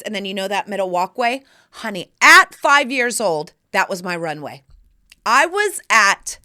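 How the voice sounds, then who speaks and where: With a mid-range voice and a sharp tone, a woman in her forties carries her solo podcast. The monologue is casual, theatrical and sassy, and she keeps calling the listener "honey."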